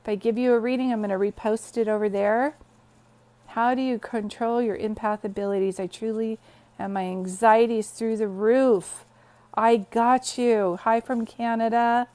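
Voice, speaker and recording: A woman's voice: on the high side, steady tone, normal speed, warm tone. Chatty woman livestreaming from bed. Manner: chatty, greets viewers, storytelling. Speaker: psychic medium livestream host. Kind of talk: casual livestream chat. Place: bedroom, sitting on bed.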